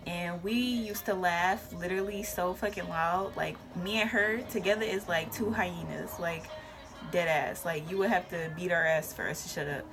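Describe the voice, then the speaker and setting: Young woman, casual storytime, animated delivery, music behind. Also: lowish voice, normal speed. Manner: animated storytelling with whispered asides and shouted quotes. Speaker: vlogger.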